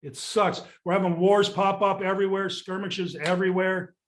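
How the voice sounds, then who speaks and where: A man's voice: high voice, flat delivery, normal speed. An older man, a real estate sales coach ranting bluntly and with exasperation, swearing casually in a podcast chat. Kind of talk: candid podcast rant.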